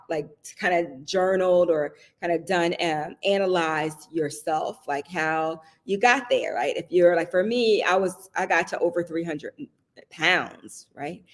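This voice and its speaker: A woman from the Southern United States hosting a casual live stream, talking in a chatty, personal way and often checking in with her viewers. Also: on the low side. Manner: chatty and personal, often asks "right?" and laughs.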